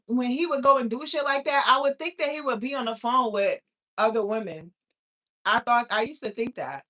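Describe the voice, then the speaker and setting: A young woman hosting a casual livestream, reading viewer comments and telling stories in a blunt, profane, animated way. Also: a little high. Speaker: livestream host.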